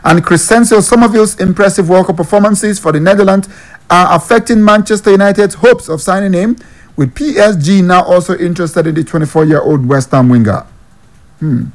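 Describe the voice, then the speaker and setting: Nigerian man, football news vlogger, slightly high voice, reads headlines and jokes in Pidgin. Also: a little fast. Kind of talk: casual sports news commentary.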